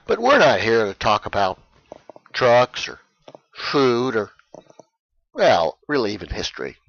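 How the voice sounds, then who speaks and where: A male English teacher who talks slowly and deliberately, leaning on key words so learners can follow. His pitch swings freely up and down as he explains. The sound is dry and a little dull, like a lo-fi recording. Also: huge pitch swings, fairly bright tone, no echo. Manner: slow, clear, emphatic delivery for learners. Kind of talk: scripted explainer lesson.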